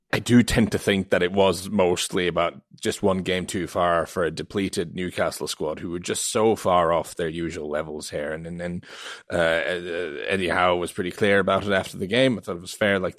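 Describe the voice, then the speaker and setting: A man's voice: sits low, steady tone, moderate pace, dry recording, clean studio sound. A man speaking in a hesitant way, giving football analysis on a podcast and thinking aloud with many restarts. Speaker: football pundit.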